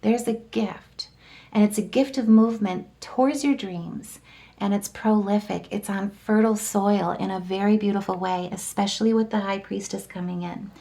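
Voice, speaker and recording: A woman's voice: medium pitch, steady tone, normal speed, mellow. A woman giving an enthusiastic, chatty tarot and astrology reading, often tagging "right?" and "like" onto her points. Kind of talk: casual spoken horoscope reading.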